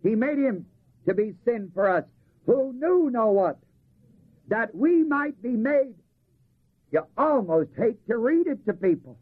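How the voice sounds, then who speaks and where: A man preaches in a husky, fairly high voice that swings widely in pitch. He reads scripture aloud and pauses for the listeners to supply the missing word. The sound is thin and tinny, as if from an old lo-fi recording. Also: sing-song. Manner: asks the congregation to fill in words, slows to stress key phrases. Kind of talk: sermon.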